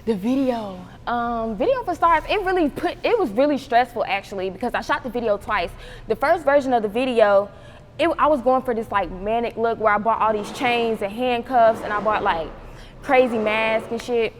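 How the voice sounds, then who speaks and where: A young woman from North Carolina, telling stories as an interview guest in an animated, profane way, laughing often and acting out voices. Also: fairly high pitch, normal speed, long reverb tail, slight background noise. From North Carolina, USA. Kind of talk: casual storytelling interview.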